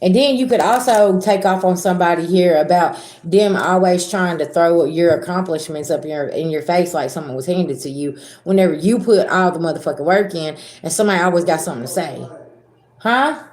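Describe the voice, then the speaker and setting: A woman's voice: on the low side, a little fast, hardly any pauses, darkish tone, echoey room, a little hiss or hum. A woman with a Southern American accent giving a blunt, profane spiritual reading to her viewers, acting out arguments as she goes. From Southern United States. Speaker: spiritual reader. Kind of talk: casual tarot reading to viewers.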